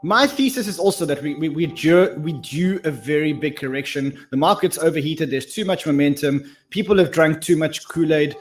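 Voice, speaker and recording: A man's voice: on the high side, normal speed, few pauses. Direct male interviewer, faint music behind. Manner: direct, presses for clear answers. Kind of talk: probing interview questions.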